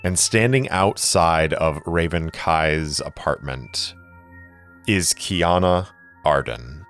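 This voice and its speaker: A man's voice: a bass voice, slow, a bit bright, soft background music. A man narrating a solo tabletop role-playing game like film, describing each camera shot. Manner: cinematic, describing camera shots.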